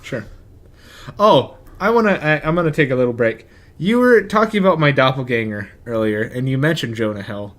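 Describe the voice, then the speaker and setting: A young man co-hosting a podcast in casual chat, rambling and joking as he recaps a movie plot with quick impressions. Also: medium pitch, expressive, a bit bright. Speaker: podcast co-host.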